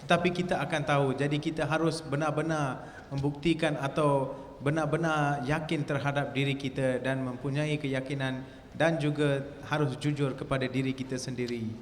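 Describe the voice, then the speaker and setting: A man interpreting a spiritual lecture live for an audience, fluent and steady. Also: mid-range voice, brisk, a little hiss or hum. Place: hall with an audience. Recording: echoey hall recording.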